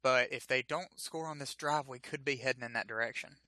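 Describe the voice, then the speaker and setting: A man's voice: mid-range voice, fairly quick, pushed and bright, dry recording. A man with a Southern US accent doing casual, chatty play-by-play commentary on a football game stream. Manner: chatty, laid-back, jokey asides.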